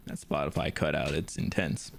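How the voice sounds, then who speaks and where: A man's voice: rumbling low, moderate pace, vocal fry, slight background noise. A man streaming a video game, chatting casually and rambling with lots of restarts. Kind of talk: casual chat.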